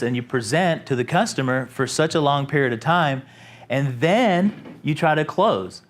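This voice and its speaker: A man, a company president, giving an informal sales training talk to a room, animated and asking the audience questions. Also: medium pitch, moderate pace. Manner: animated, acts out customers in a raised voice.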